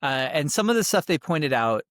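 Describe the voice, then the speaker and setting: A man co-hosting a podcast in casual chat, excitable and rambling, restarting his sentences. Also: on the high side, moderate pace, no room sound, clean studio sound. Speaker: podcast co-host.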